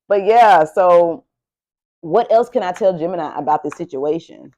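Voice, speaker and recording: Animated woman giving a tarot reading. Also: fairly low pitch, moderate pace. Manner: animated and emphatic, repeats herself, talks like a preacher. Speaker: tarot reader.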